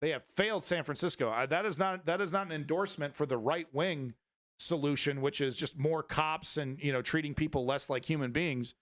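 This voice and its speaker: A man with a fairly high voice hosts a live-stream news commentary show. He talks bluntly, swears freely and rambles with many restarts. The recording is dry and close, with no room sound. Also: fairly quick, a bit bright, no room sound.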